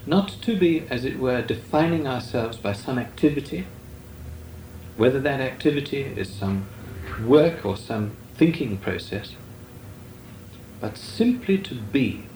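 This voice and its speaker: Slow, lively-pitched older monk teaching meditation. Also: male voice. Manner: measured, deliberate, with long pauses. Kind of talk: slow meditative spiritual talk. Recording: echoey room with faint noise.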